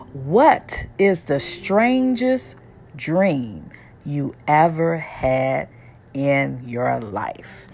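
A woman's voice: mid-range voice, a little mellow. A woman hosting a solo advice podcast, chatty and preachy, talking straight to her listeners. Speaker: podcast host.

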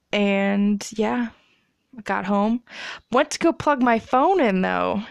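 Young woman vlogger, gravelly but smooth voice, dry close sound, swears and laughs through a long story. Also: medium pitch, no room sound. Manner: rambling, profane, laughing often. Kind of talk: casual storytime.

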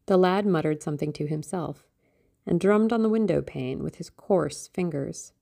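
A woman narrating a classic novel in a measured, expressive reading. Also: on the low side, vocal fry. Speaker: audiobook narrator.

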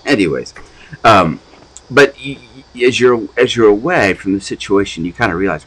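A low-voiced man with a husky edge preaches in a loose, conversational way, his pitch swinging widely as he talks. He rambles and restarts, like someone thinking aloud in a casual sermon. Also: animated, moderate pace, fairly bright tone, poor audio. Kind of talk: informal sermon podcast.

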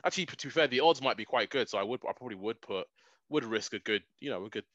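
A man, co-hosting a casual sports podcast in excitable, animated banter. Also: mid-range voice, fast talker, no echo. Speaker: podcast co-host. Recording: dull, dry lo-fi mic.

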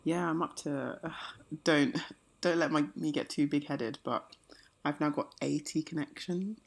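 Casting: young woman, low voice with gravelly fry, sassy banter. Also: a little slow. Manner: sassy, playful teasing with sudden loud outbursts. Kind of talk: casual chat.

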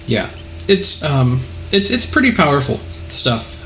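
A man's voice: fairly high pitch, very animated, measured pace, vocal fry, sharp tone, a little hiss or hum, rough recording. A man in casual conversation about a movie, speaking thoughtfully and hesitantly with many fillers. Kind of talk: casual film discussion.

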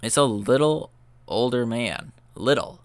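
A man's voice: medium pitch, animated, measured pace, clean tone, no room sound. A young man hosting a podcast, telling a story in loose, profane chat full of fillers. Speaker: podcast host. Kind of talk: casual rambling storytelling.

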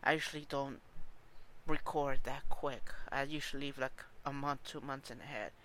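A man's voice: medium pitch, fairly even intonation, normal speed, bright, forceful tone, slight background noise. A man talking alone as a podcast host, informal and candid, hesitant with many fillers and restarts. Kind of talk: unedited solo podcast talk.

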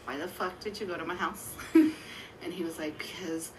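A woman's voice: on the low side, moderate pace, a little mellow, faint music behind, low-quality recording. A woman in her thirties, co-hosting a podcast, telling a long story in casual, profane chat. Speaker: podcast co-host.

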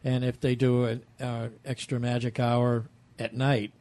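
A man's voice: mid-range voice, little pitch movement, unhurried, darkish tone. A man on a roundtable podcast telling casual, rambling stories and poking fun at himself. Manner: rambling, self-mocking storyteller. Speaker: regular panelist. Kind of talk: casual chat.

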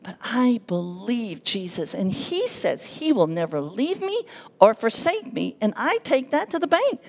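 Woman, church intercessor, raspy-edged and a touch high, earnest testimony from the pulpit. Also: a little slow. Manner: earnest, emotional storytelling with lively quoted dialogue. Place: church sanctuary.

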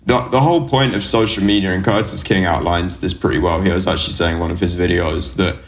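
Blunt sweary uk guy on a podcast, deep voice, lots of ums. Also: steady tone, fast talker. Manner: frank, blunt, sweary, with many fillers. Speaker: podcast co-host. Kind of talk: casual chat.

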